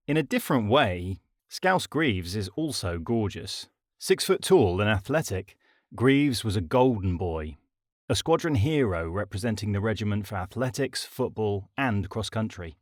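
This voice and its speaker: A man narrating his own comic audiobook in a wry, deadpan style. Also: lowish voice, normal speed, no room sound, studio quality. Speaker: author and narrator. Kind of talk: scripted comedic audiobook narration.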